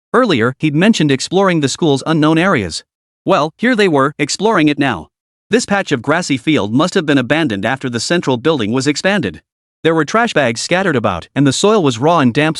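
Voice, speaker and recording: A man giving a steady scripted narration of a comic story. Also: a little high, no room sound, clean studio sound.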